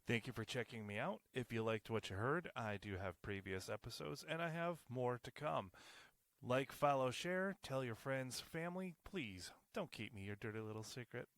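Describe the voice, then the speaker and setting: A man's voice: mid-range voice, lively intonation, normal speed, a bit bright, no room sound, clean studio sound. A man hosting his own podcast alone, talking in a sarcastic, joking way with swearing and frequent self-corrections, wired on caffeine. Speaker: podcast host. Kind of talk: solo podcast monologue.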